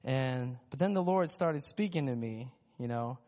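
A man's voice: medium pitch, animated, unhurried, hardly any pauses, mellow, long reverb tail. A worship leader, a man, sharing a candid, self-deprecating testimony with his church. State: recovering from lost voice. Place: church sanctuary.

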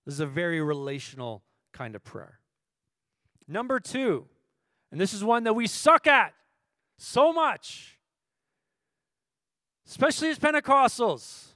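Male pastor, high-pitched, dry close recording, impassioned sermon delivery. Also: very animated, a little slow, pauses often, no echo. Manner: swings from low, quiet teaching to loud, impassioned preaching; asks the audience questions.

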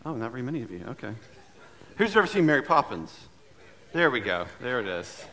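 A man preaching in a church sanctuary, his voice at a middle pitch. He tells his sermon like a story, in a loose and chatty way, and keeps asking the congregation questions. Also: sing-song, a little fast, bright, forceful tone. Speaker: pastor.

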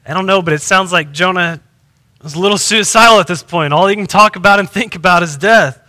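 A man's voice: high-pitched, a little fast, pushed and bright, dry recording. A man preaching a sermon in a conversational way, often restarting his phrases. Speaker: pastor.

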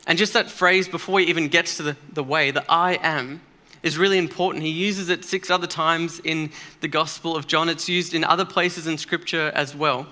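A man's voice: a little high, fairly even intonation, moderate pace, few pauses, sharp tone. A man preaching a sermon in a church, earnest and emphatic, speaking conversationally with occasional fillers.

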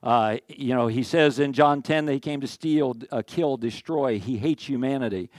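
A man's voice: mid-range voice, moderate pace, no room sound. A man in his sixties preaching a sermon as pastor, folksy and rambling, with asides and jokes. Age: 60s.

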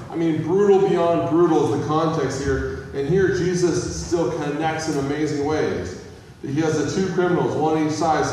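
A man's voice: a little high, a little mellow, a little hiss or hum. A man preaching a sermon as a pastor, talking casually and asking the listeners questions. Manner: conversational, asks the audience questions. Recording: echoey hall from far off.

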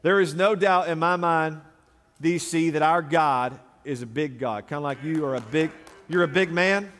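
Man, pastor, high voice, emphatic repeating sermon delivery, recorded in a reverberant church hall. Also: moderate pace, fairly bright tone. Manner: preaching with rising emphatic repetition.

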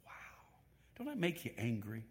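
A man's voice: mid-range voice, normal speed. A man preaching a sermon, reading scripture with emphatic stress and putting questions straight to his congregation. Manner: animated, reads scripture aloud with emphatic stress; asks the congregation questions directly. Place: church. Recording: long hall reverb.

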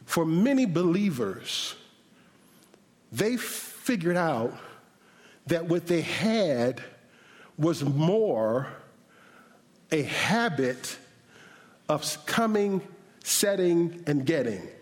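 A male pastor preaching an animated, humorous sermon with shouted bursts, then praying in a softer voice. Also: on the high side, drawn-out words, long pauses. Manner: closes in a softer prayer. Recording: reverberant hall.

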